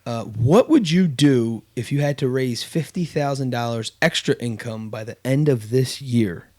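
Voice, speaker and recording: A man's voice: mid-range voice, normal speed, a little mellow. A man hosting a casual podcast chat, telling a story with lots of fillers and restarts. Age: adult with kids. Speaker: podcast host.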